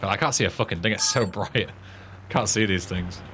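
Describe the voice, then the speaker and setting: English male streamer, low voice, laid-back, sweary, self-deprecating, faint hum behind him. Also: a little fast, fairly bright tone. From England. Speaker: game streamer. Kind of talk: casual gaming commentary.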